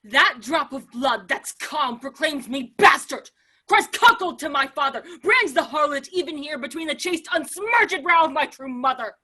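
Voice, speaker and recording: A woman playing a furious young man bent on revenge, swinging from shouts to hushed vows. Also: high-pitched, animated, normal speed, low-quality recording. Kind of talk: amateur remote play reading.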